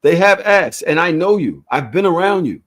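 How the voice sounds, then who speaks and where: A man co-hosting a podcast in casual chat, teasing and animated, with loud bursts. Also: high-pitched, moderate pace. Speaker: podcast co-host.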